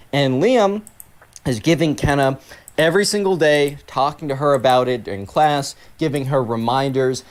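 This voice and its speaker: A man's voice: medium pitch, a little mellow. A man telling a story in a casual, rambling way, full of filler words, while he plays a game. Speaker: gaming channel host.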